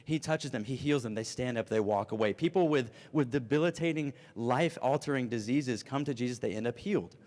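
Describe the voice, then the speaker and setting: A man in his thirties preaching an animated, storytelling youth sermon. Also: medium pitch, a little fast, few pauses. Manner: animated storytelling, acts out voices. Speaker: youth pastor. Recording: long reverb of a hall.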